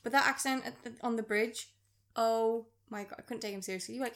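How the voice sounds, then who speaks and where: A woman with a slightly higher voice, chatting casually about a film. She is blunt and sarcastic, and her voice jumps around with animation. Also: steady tone, fast. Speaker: podcast co-host. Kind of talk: casual film review chat.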